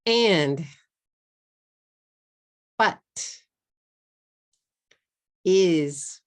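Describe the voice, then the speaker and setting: A woman with a Texan accent teaching English pronunciation, saying each word slowly and repeating it clearly, with simple Japanese words mixed in. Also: lowish voice. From Texas. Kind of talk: slow, deliberate pronunciation lesson.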